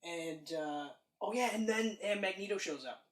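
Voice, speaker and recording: A woman co-hosting a casual film review podcast, excitable and profane, acting out scenes as she goes. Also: medium pitch, normal speed. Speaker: podcast co-host. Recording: roomy, distant mic.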